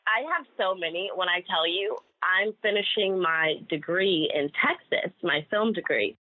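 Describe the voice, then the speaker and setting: A woman's voice: fairly low pitch, moderate pace. A woman in her twenties, an actor being interviewed, gushing and emotional as she talks. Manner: effusive, emotional, restarts often. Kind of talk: casual interview chat. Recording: tinny phone line.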